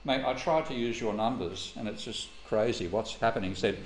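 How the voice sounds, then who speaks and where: A man's voice: lowish voice, brisk. A man giving an economics lecture, telling anecdotes bluntly and swearing casually. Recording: echoey room, faint ambient noise.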